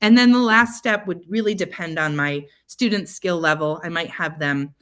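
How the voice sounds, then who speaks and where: A young adult woman, a literacy coach giving a webinar presentation to teachers, explaining steps patiently and clearly with frequent ums. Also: on the low side, moderate pace, a bit bright.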